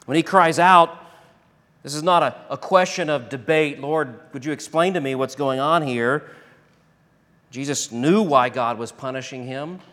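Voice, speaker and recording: A pastor delivering a sermon and closing prayer, rising to loud emphatic declarations and dropping to hushed, slow prayer. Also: male voice, mid-range voice. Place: church sanctuary. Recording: long reverb of a large hall.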